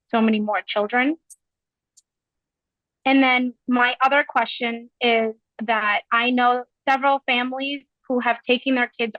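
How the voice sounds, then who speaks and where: A woman's voice: a little high, no room sound, dull audio. A woman asking questions during public comment at a community meeting, nervous, with a shaky voice.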